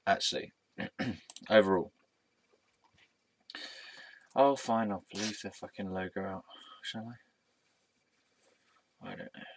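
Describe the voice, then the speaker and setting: A man's voice: deep voice, fairly bright tone. A man in his thirties talking through a rambling, candid personal vlog, swearing freely, with plenty of ums and dry sarcasm. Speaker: vlogger. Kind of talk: casual personal vlog monologue.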